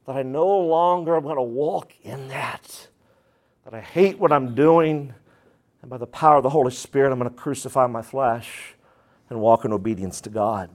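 A man's voice: mid-range voice, moderate pace. A man preaching a sermon as pastor, emphatic and dramatic, acting out the voices he quotes.

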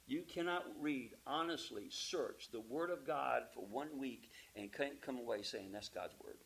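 A man preaching a sermon, emphatic, asking the congregation rhetorical questions and calling for amens, dropping from loud peaks to quiet asides. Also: mid-range voice, unhurried, creaky, low-quality recording.

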